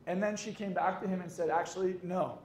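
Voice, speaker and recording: A young man with a fairly high voice tells swearing, joke-filled stories and acts out both sides of each conversation. His motivational talk sounds roomy and echoey, with a faint hiss behind it. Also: fairly even intonation, fast, a little mellow. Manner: swearing, jokey, acts out dialogue. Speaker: hypnotist and coach. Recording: echoey room with faint noise.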